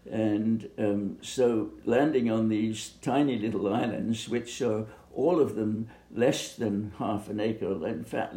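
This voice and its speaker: An older man from Bermuda recalling his youth in an oral history interview, speaking haltingly with many pauses and fillers. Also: lowish voice, warm tone. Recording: echoey room.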